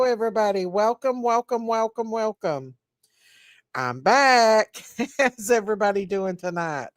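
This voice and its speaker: A woman hosts a casual livestream at an unhurried pace. She chats warmly with viewers, laughing often and calling out names. Her voice sits in a middle register and sounds close and dry. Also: mid-range voice, dry recording. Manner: chatty, greets viewers by name, laughs often. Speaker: livestream host.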